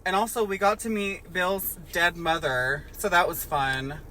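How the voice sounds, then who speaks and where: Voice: medium pitch, animated, measured pace, pushed and bright, slight background noise. Sarcastic young podcast co-host. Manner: sarcastic, cusses freely. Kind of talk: casual comic chat.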